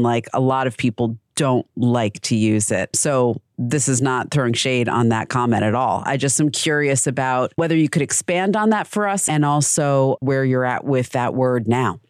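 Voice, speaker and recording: A woman's voice: a bass voice, dry recording, clean studio sound. A woman hosting an interview show, asking questions in a casual, curious way. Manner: curious, casual, uses "like" a lot. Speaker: host.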